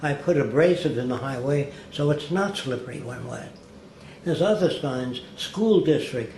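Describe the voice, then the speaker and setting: An older man being interviewed, telling stories slowly and deliberately and acting out what other people said. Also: a little high, animated, vocal fry, a little mellow. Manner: deliberate, slow-paced storyteller who mimics others' words. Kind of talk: anecdotal storytelling. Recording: echoey room with faint background noise.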